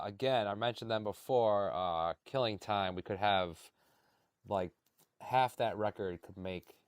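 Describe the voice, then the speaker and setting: A man's voice: low voice, clear, resonant tone, no echo, studio quality. A man hosting a podcast in casual chat, laid-back and swearing freely, with lots of fillers. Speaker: podcast host.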